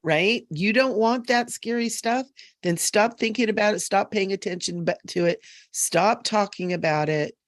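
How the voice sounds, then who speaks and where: A woman psychic medium in an earnest, emphatic live-stream chat, full of quick asides, on a webcam mic. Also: mid-range voice, dry recording, studio quality.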